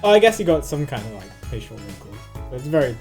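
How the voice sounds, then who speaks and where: A man's voice: mid-range voice, big pitch swings, quick pace, darkish tone, soft background music. A man streaming a video game, giving casual, rambling and self-deprecating commentary as he plays.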